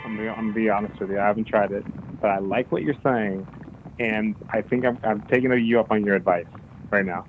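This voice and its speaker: Deadpan male caller on a tinny line. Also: lowish voice, quick pace, slight background noise. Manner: flat, unbothered, deadpan. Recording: phone-like lo-fi sound with faint music.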